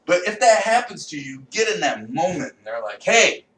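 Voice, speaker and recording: A man doing a rambling, profane comedy rant, bursting into loud shouting. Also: fairly high pitch, very animated, fairly quick. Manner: swings into loud shouted outbursts; profane, rambling, self-mocking. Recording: echoey room, voice a bit far from mic, faint noise.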